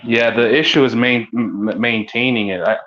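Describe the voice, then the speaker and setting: A man in his late twenties chatting casually, easygoing and quick to agree. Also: medium pitch, fairly bright tone. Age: late 20s. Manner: easygoing, lots of agreeing murmurs. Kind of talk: casual chat. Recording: dull lo-fi audio.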